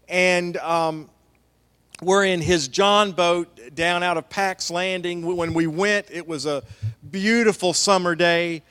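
A man's voice: high-pitched, fairly bright tone, smooth. A man preaching a sermon as the pastor, telling stories with folksy asides. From American South. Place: church sanctuary. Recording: long church hall reverb.

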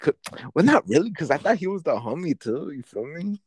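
A man's voice: fairly high pitch, big pitch swings, brisk, darkish tone, slightly rough, no room sound. A young man telling a schoolyard fight story in casual, profane slang, acting out his own past lines.

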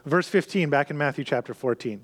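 A man with a fairly high voice delivers a sermon. He teaches earnestly, leaning on emphasis and repeating his key points. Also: a little fast. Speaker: pastor.

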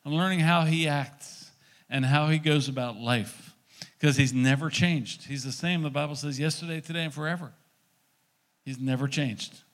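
A middle-aged man preaches a sermon in an easy, conversational way. His voice sits a little on the high side, and he slips into small acted-out dialogues to make his points. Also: normal speed. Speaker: pastor.

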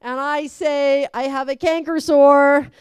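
A woman's voice: high-pitched, slow pace, no room sound. A young woman animatedly telling a personal story, acting out voices and laughing along. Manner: lively, acts out quoted voices, laughs through it.

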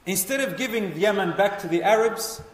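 A man telling a history story as a lecture, animated and putting questions to his listeners. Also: high-pitched, a little fast. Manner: animated, asks the audience questions. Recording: echoey hall, voice from far off.

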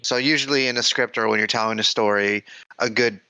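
Bright-voiced man recapping a cartoon episode. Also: medium pitch, a little fast, smooth, no echo, rough recording. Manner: animated storyteller, lots of "like" fillers. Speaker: podcast co-host recapping an episode. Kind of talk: casual chat.

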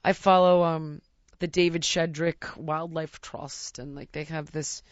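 A woman's voice: low voice, steady tone, unhurried, dry recording, muffled recording. A woman in candid casual chat who talks in an earnest, searching way, full of restarts and "like".

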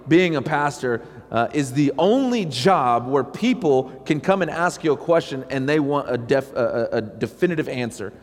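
A man preaching a sermon as pastor, talking conversationally and acting out quotes, with sudden loud rises. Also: mid-range voice, expressive, moderate pace, few pauses. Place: church sanctuary. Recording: long reverb of a church hall.

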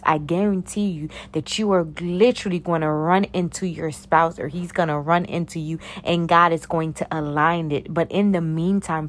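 A young woman giving a casual, preachy talk of faith encouragement to her viewers, animated and calling them honey and sugar plum. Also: low-pitched. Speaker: faith-based encourager and YouTuber.

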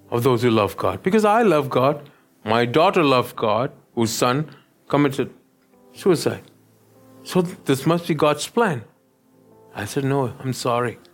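A pastor preaching a sermon, often stopping to check that the listeners follow him. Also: male voice, mid-range voice. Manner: keeps checking in with the listeners, asking "yes?".

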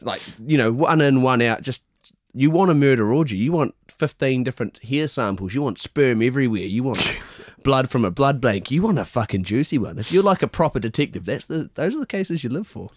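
A man's voice: medium pitch, brisk, no echo, clean studio sound. Joking podcast co-host man, mid voice. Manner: animated, joking riffs. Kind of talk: casual chat.

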